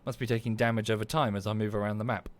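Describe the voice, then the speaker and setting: Very fast and level in tone, this man's voice is on the low side. He's a southern English game streamer with an Estuary accent, talking casually during a livestreamed game, thanking viewers by name and quietly swearing at what's happening in the game.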